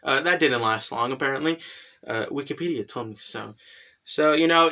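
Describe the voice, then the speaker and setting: Bright-voiced man rambling through a recap. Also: medium pitch. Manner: rambling and profane, heavy on "you know" and "right?". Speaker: anime recap host. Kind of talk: casual anime recap commentary.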